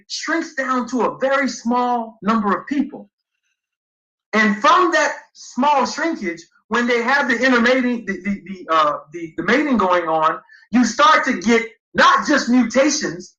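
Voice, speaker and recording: A man's voice: extremely high pitch, bright, forceful tone, roomy sound, dull audio. A man speaking emphatically on a livestream, arguing his points and reading passages aloud to back them up. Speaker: guest speaker. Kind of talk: livestream debate lecture.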